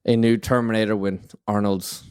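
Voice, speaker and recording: Blunt low-voiced male podcast co-host. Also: flat delivery, moderate pace, a little mellow, clean tone, no room sound, studio quality. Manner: blunt, swears casually. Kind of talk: casual chat.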